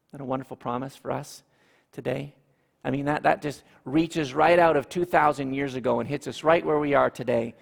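A man preaching a sermon, animated, with dramatic pauses and repeated phrases. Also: mid-range voice, gravelly, in a large hall. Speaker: pastor.

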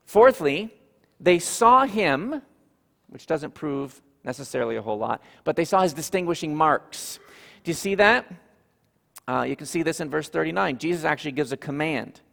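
Male pastor, sermon delivery, earnest and emphatic, fry in the voice, reverberant church hall. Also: a little high, expressive, normal speed, pushed and bright. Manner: earnest teaching, repeats points for emphasis.

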